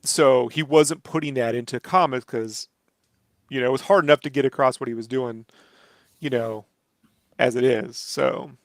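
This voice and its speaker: A male comic artist chats casually while inking and drawing, rambling with lots of "like" and "you know" and swearing now and then. His medium-pitched voice has fairly even intonation at normal speed, recorded in studio quality with no room sound.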